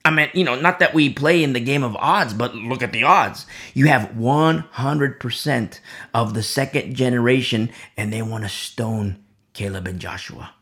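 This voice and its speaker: A man preaching a verse-by-verse sermon who swings from loud emphasis to hushed whispers and repeats key phrases for weight. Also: medium pitch, normal speed. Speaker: preacher leading a Bible study.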